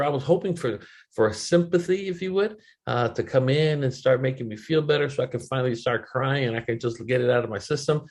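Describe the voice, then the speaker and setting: A middle-aged man speaks a little fast in a mid-range voice during a motivational webinar, sharing a candid, emotional personal story sprinkled with casual swearing. He quotes other people in shifting voices, and his loudness rises and falls.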